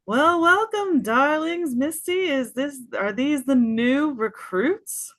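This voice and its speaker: A woman's voice: high voice, lively intonation, takes it slowly, pitched above the performer's own voice. A woman voicing an elegant female fox-folk spymaster in a tabletop game, sweet and grand, her voice lifted well above her own. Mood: welcoming.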